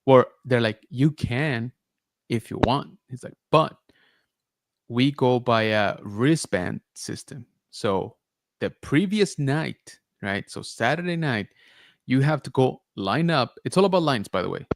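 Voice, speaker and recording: A man hosting a podcast, telling a story in a casual, animated way with lots of filler words. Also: medium pitch, a little slow, gravelly, dry recording, studio quality. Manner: animated retelling, many filler likes and rights. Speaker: podcast host.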